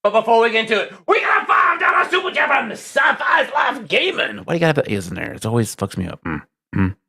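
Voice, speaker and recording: A man hosting a live-stream podcast, loud and exasperated, swearing and swinging between shouts and low mutters. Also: huge pitch swings, quick pace, gravelly, breathy edge, some chatter behind. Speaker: livestream podcast host.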